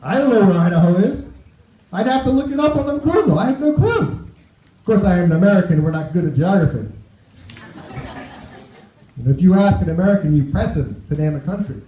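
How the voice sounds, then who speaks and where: A man's voice: sits high, sing-song, a little fast, pauses often, warm tone, slight background noise. A man performing a stand-up set on a club stage, chatty, tossing asides to the crowd. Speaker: stand-up comedian. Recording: roomy, dull club recording.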